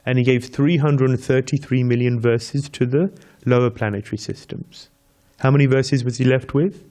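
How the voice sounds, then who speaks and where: A man's voice: mid-range voice, fairly even intonation, normal speed, mellow. A man giving a devotional scripture class, telling a story with repeated counting and chanting Sanskrit verses, laughing lightly with his listeners. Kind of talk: devotional lecture.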